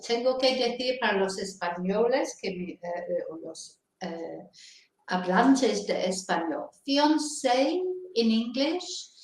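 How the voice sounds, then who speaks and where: A woman hosting a casual bilingual chat, teaching words slowly and switching between English and Spanish. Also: mid-range voice, darkish tone. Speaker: host. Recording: very echoey room.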